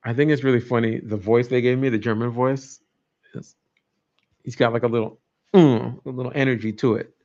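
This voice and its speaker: A man's voice: medium pitch, steady tone, brisk, darkish tone. A man hosting a casual livestream, rambling and joking as he chats with viewers. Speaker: livestream host. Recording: dull lo-fi stream audio.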